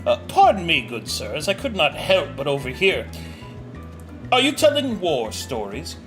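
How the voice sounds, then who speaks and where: A game master voicing a slouching stranger who speaks in a low, formal, over-courteous way. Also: huge pitch swings, measured pace, fairly bright tone, faint music behind. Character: slouching polite adult stranger. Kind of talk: voicing a character in a tabletop game.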